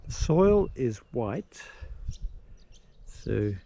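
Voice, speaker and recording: A man casually narrating a road trip outdoors, rambling with pauses and fillers. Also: medium pitch, sing-song, vocal fry, mellow, dull audio. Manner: slow, rambling, pausing with fillers. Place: outdoors at campsites and parks. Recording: noisy outdoor recording.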